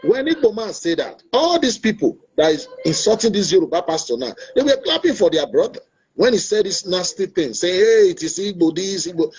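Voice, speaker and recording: A man's voice: sits high, big pitch swings, brisk, slightly rough. A Nigerian man hosting an online talk show, earnest and preachy, repeating his points. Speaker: show host. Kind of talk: opinionated talk-show monologue. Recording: dull lo-fi online stream audio.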